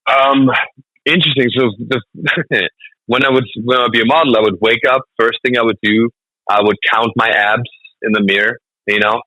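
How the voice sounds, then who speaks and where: A man from Germany, telling lively stories and laughing often as a comedy guest in a casual interview. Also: mid-range voice, dry recording, rough recording. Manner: animated storytelling, laughs often.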